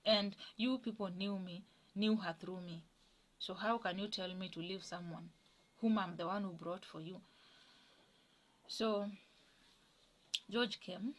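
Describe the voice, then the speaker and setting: A woman telling a personal story in a casual, chatty way, acting out other people's lines in a higher voice. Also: a little hiss or hum. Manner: acts out others' lines in a raised pitch.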